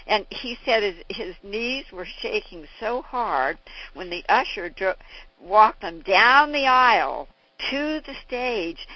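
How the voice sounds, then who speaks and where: A woman's voice: mid-range voice, dry recording. An older woman in an interview, telling stories and acting out the people in them, in a dull lo-fi recording. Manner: animated, acts out the people in her stories. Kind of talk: anecdotal storytelling.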